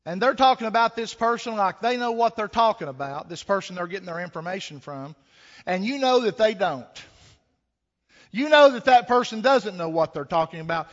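A man's voice: high voice, animated, normal speed. A man preaching a sermon, folksy and conversational, with rhetorical questions and a homespun story. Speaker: pastor. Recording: echoey hall, dull lo-fi sound.

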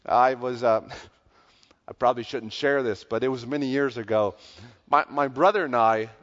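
A pastor preaching a sermon, telling a story in a conversational way that grows loud when excited. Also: male voice, mid-range voice, normal speed. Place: church sanctuary. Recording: dull sound with long church reverb.

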